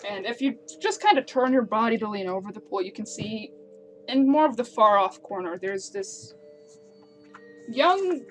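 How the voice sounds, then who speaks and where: A woman's voice: fairly high pitch, lively intonation, moderate pace, soft background music. A woman narrating as game master of a tabletop game, describing scenes and laughing along with her players.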